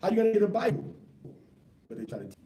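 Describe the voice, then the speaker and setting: A man leads an informal Bible class in a slightly higher, mellow voice, quizzing students with rhetorical questions and street slang. He sounds distant from the mic in an echoey room. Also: sing-song, racing. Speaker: Bible teacher. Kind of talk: informal scripture class teaching.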